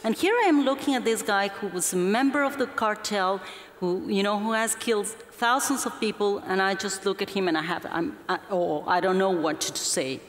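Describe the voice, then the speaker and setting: A woman, a journalist guest telling her story onstage with earnest, halting restarts. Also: medium pitch. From Mexico. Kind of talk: onstage conversation. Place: festival stage before an audience. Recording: hall reverb from a live event.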